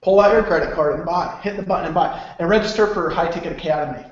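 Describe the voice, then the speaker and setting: High-voiced guy rambling a sales pitch, laughs a lot, super echoey dull recording. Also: quick pace. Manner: rambling, laughs often, swears, restarts a lot. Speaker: host of an online sales webinar. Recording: very echoey room, dull lo-fi sound.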